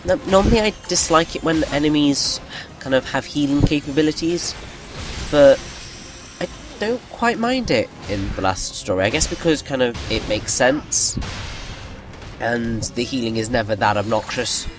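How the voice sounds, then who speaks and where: Over game music, a gaming video host with a medium-pitched, animated voice talks at a normal speed. He rambles chattily as he plays, restarting sentences often and making self-mocking asides.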